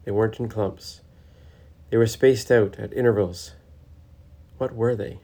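A man narrating a storybook in a gentle, reflective, steady way. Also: fairly low pitch, unhurried.

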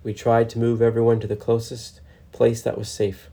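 A man's voice: mid-range voice, monotone, moderate pace, vocal fry, dark tone, a little hiss or hum, close to an everyday voice. A man voicing a wry, joking male squirrel.

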